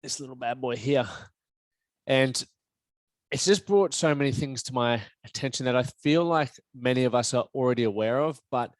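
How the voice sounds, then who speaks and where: A man's voice: medium pitch, normal speed, dry recording. A young man hosting a solo podcast, talking candidly and reflectively and swearing casually. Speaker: podcast host.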